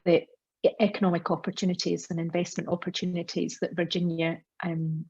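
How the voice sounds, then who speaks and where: A woman's voice: fairly low pitch, flat delivery, a little fast, a little mellow, slightly rough, dull audio. A woman hosting a business webinar, chatty, with lots of ums and restarts as she introduces speakers. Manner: chatty, many fillers and restarts. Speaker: chamber of commerce host.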